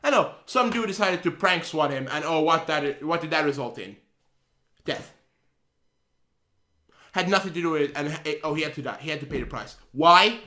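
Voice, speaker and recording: A man's voice: a little high, lively intonation, moderate pace, long pauses, sharp tone. A man on his channel ranting heatedly, swearing and repeating himself as he vents. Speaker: channel host. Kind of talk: angry vlog rant.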